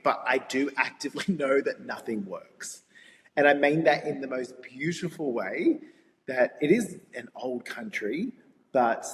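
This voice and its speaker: A young Australian man telling stories in a casual interview, lively and laughing often. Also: mid-range voice. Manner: animated storyteller, laughs often. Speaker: guest. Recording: reverberant room with faint ambient noise.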